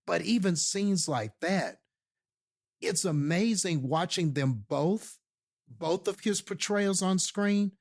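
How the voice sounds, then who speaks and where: A man with a fairly high voice talks slowly and loosely on a movie podcast. He rambles, restarts his sentences, fills the gaps with ums and swears casually when excited. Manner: rambling, many fillers and restarts. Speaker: podcast co-host. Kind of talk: casual movie review chat.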